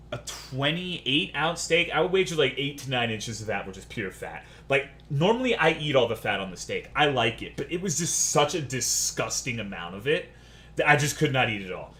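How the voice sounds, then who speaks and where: A man's voice: mid-range voice, animated, normal speed, bright, forceful tone. A man streaming, telling a story as a casual rant, profane, sarcastic and exasperated.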